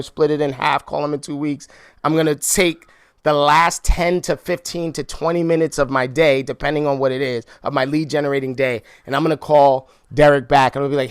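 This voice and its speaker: A man coaching a room on real estate sales calls, energetic and animated, acting out phone conversations. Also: fairly high pitch, clean tone, no echo, clean studio sound. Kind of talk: sales training talk with role-play.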